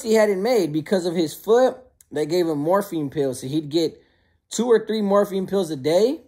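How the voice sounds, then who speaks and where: A man who served time, casually telling prison stories in a slangy, animated way. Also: on the high side. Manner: slangy and conversational, often calls listeners bro; animated, acts out quoted lines. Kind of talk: casual storytelling to camera.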